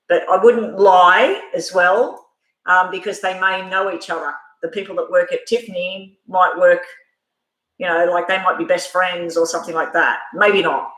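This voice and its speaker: A woman's voice: fairly low pitch, steady tone, normal speed, fairly bright tone, reverberant, rough recording. A woman giving a live tarot reading in a chatty, rambling way, full of fillers and restarts. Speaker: tarot reader.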